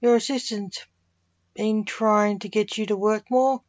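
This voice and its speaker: A woman's voice: mid-range voice, steady tone, a little slow, a little mellow, dry recording, lo-fi sound, lightly acted. Senior: curt older man, grim reaper grandfather, snaps at people, read by a woman. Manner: curt, snappish.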